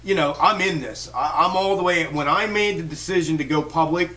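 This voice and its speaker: This stock trading livestream host has a slightly high, bright voice with a forceful edge, talking a bit fast into a distant mic. He's fired up, swears nonstop, and keeps restarting as he rambles through his rant.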